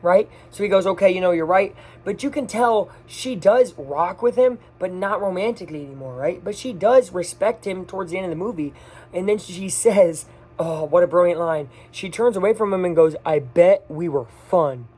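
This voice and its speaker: A person giving a casual, off-the-cuff movie review, gushing and excitable, talking in quick bursts. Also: medium pitch, breathy edge.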